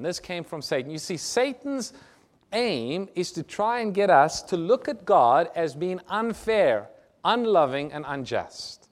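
Male preacher, voice a touch high, delivers a sermon that moves from scripture reading to rhetorical questions. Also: expressive, unhurried. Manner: asks the audience rhetorical questions; reads scripture aloud and explains it. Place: church or lecture hall with a screen.

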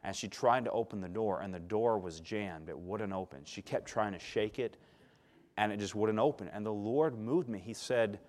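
A male preacher telling a personal story in a sermon, shifting between loud emphasis and hushed tones and calling for responses from the congregation. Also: lowish voice, moderate pace. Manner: calls for audience response.

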